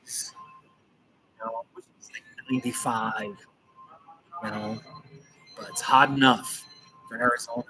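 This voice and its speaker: A man's voice: medium pitch, steady tone, slow pace, pauses often, bright, forceful tone, faint music behind, low-quality recording. A man chatting casually on a livestream from a coffee shop corner, playful and chatty and repeating his phrases with chuckles. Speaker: livestream host. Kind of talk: casual livestream chat reading viewer comments.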